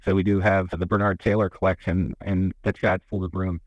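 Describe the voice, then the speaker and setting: A man with a fairly low voice talks through a local museum's collection on a radio interview, rambling and folksy, often restarting his sentences. The sound is close and dry, with no room ring. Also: little pitch movement, normal speed, no room sound, low-quality recording. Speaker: museum representative. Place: radio studio. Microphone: studio microphone.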